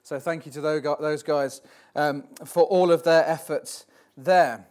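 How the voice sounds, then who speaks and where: Young man, assistant pastor, church notices, halting and chatty, slightly raised voice. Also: fairly high pitch, steady tone, darkish tone. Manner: halting and conversational, with frequent restarts. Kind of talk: church notices and thanks from the front.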